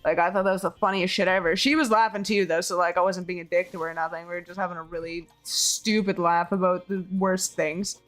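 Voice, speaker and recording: A hoarse woman streamer chatting casually with her viewers, rambling, laughing often and swearing freely. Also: on the low side, steady tone, a little fast, few pauses, a bit bright, faint music behind. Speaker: game streamer. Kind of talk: casual chat with viewers while building.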